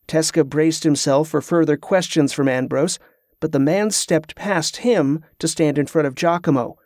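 A man narrating an adventure novel in an even, measured storytelling manner. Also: a little high, no room sound, studio quality. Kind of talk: audiobook narration.

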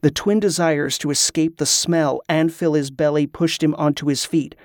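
Steady male fantasy narrator, dry sound. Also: fairly high pitch, normal speed, no echo. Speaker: audiobook narrator.

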